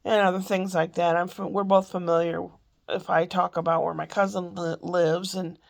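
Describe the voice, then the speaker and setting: A woman's voice: fairly low pitch, little pitch movement, normal speed, gravelly. A woman vlogging from home in a meandering, chatty way, a little congested with a lingering cough. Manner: chatty, meandering, self-interrupting. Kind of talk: rambling casual chat.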